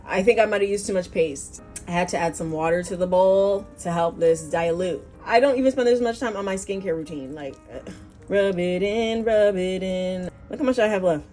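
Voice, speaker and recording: A woman's voice: medium pitch, normal speed, mellow, soft background music. A woman hosting a casual cooking vlog, walking through a recipe with playful jokes and asides to the viewers. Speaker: cooking show host.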